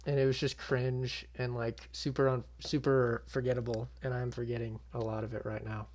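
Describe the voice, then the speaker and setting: A man's voice: mid-range voice, little pitch movement, normal speed, a little mellow. A young man hosting his own channel, giving a casual reaction recap with blunt, swearing, exasperated commentary. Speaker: MMA channel host.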